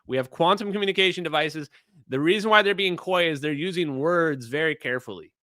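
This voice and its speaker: A man's voice: on the high side, pushed and bright, dry recording, studio quality. A middle-aged man commenting on clips during a live stream, emphatic and opinionated, talking straight to his chat.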